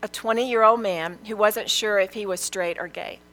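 A woman's voice: mid-range voice, moderate pace, fairly bright tone, low-quality recording. Older grandma type preaching her testimony, earnest, keeps repeating lines for emphasis. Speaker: speaker sharing a testimony. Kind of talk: testimony sermon.

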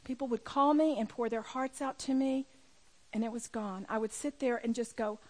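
Middle-aged lady preaching to a room of women, high voice, tells her story with big emphatic swings. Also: normal speed. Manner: storytelling, emphatic, rising to near-shouting at high points. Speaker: women's ministry speaker. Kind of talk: personal testimony talk. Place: room with a live audience.

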